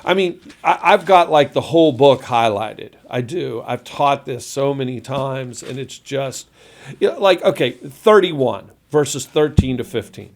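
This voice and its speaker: A man's voice: medium pitch, animated, unhurried. A man pastor hosting a Bible study podcast, talking emphatically and reading scripture aloud with feeling.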